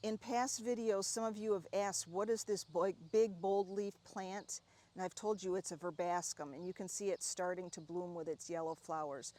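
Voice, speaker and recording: A woman's voice: fairly low pitch, fairly even intonation, normal speed, mellow. Chatty woman touring her garden. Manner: chatty, enthusiastic about plants. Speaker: gardening vlogger. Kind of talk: casual garden tour narration. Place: outdoor home garden.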